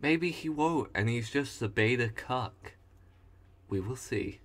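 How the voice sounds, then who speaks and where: A man's voice: mid-range voice, expressive, slow, a bit bright, exaggerated voice. A man doing a smug, taunting brawler.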